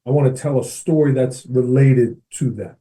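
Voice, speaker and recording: Lively middle-aged man, mellow voice. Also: medium pitch, moderate pace. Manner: energetic, keeps checking in with "right?" and addresses the host by name. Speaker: podcast guest, educator and speaker. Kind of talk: animated storytelling in conversation.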